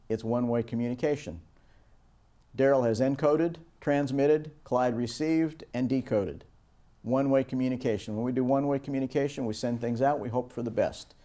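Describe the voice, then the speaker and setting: Man teaching with a mellow voice. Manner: storytelling, acts out quoted voices with raised pitch. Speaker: instructor. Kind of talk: recorded lecture on project teamwork.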